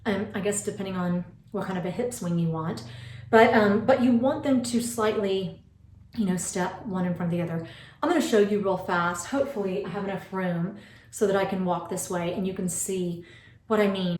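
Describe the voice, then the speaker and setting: A woman's voice: medium pitch, normal speed, a little mellow, slight background noise. A woman in her forties giving beauty tips in a casual, rambling vlog, full of fillers and asides. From United States. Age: 40s. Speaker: beauty vlogger. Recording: roomy, mic some distance away.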